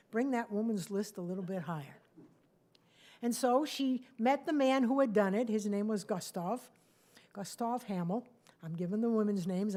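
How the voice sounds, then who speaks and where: Woman storyteller at a live cafe show, animated and chatty, talks straight to the audience. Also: on the high side. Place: small cafe stage with audience.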